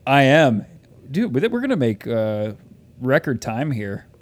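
A man's voice: medium pitch, big pitch swings, measured pace, dry recording. A man co-hosting a podcast in casual chat, loose and profane, often restarting his sentences. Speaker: podcast co-host.

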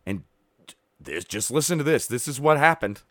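A man's voice: medium pitch, very animated, normal speed, a bit bright, dry recording, clean studio sound. A man hosting a podcast, recapping clips in casual, sarcastic, profane commentary. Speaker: podcast host.

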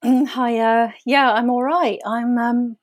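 A woman's voice: on the high side, steady tone, slow, dry recording, clean studio sound. A woman co-hosting a podcast, talking candidly and rambling with giggles. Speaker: podcast co-host. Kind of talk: casual podcast chat.

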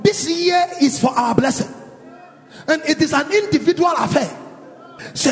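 A man preaching a sermon as pastor, calling out declarations and leading prayers with shouted emphasis. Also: very high-pitched, animated, normal speed, pauses often. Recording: long reverb, faint music.

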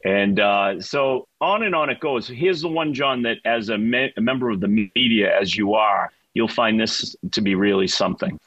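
A man with a Boston accent talks sports as a radio guest, telling stories in an emphatic, chatty way. His voice is low and husky. The sound is dry and dull, like a lo-fi remote line. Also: moderate pace, few pauses, fairly bright tone, dry recording. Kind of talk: casual radio chat.

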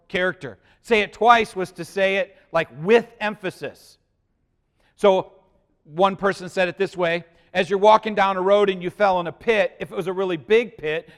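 Male pastor, slightly high voice, sermon delivery with loud emphasis dropping to hushed lines, questions to the congregation.

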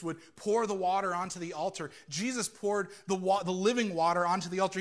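High-voiced man preaching a sermon. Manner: animated storytelling, acting out quoted voices. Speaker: pastor.

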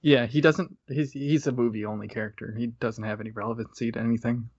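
A man's voice: medium pitch, fairly even intonation, brisk, husky, no room sound. A man co-hosting a podcast, chatting casually about a movie and explaining video game details with a laugh. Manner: knowledgeable game fan, laughs. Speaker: podcast co-host. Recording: dry lo-fi audio.

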